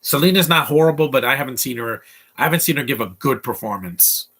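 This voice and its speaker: A man's voice: medium pitch, expressive, fast, a bit bright. A man in his twenties giving casual live commentary over a film, blunt and opinionated, rambling with many restarts. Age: 20s. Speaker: movie commentator.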